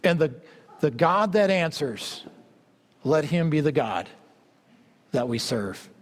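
A male preacher delivering a fervent sermon, swinging between loud exclamations and low asides. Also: sing-song, slow. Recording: long hall reverb.

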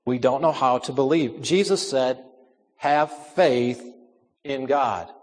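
A man's voice: mid-range voice, takes it slowly, long reverb tail. A man preaching a sermon, earnest and emphatic, repeating his key phrases.

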